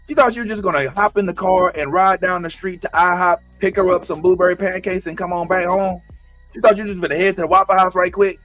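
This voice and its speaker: A man hosting a casual TV recap, animated and slangy, joking his way through the episode. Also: high-pitched, quick pace, faint music behind. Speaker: host.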